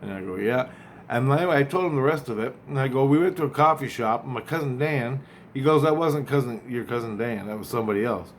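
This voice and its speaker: A man casually retelling a dream, rambling and acting out both sides of the conversation, often halting and repeating words. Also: mid-range voice, a little hiss or hum.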